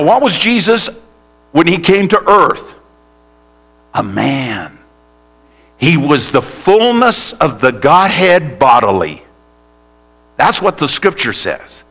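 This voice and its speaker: A man's voice: fairly high pitch, big pitch swings, takes it slowly, long pauses, fairly bright tone. A male pastor preaching a sermon in a church, putting questions straight to the congregation. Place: church sanctuary.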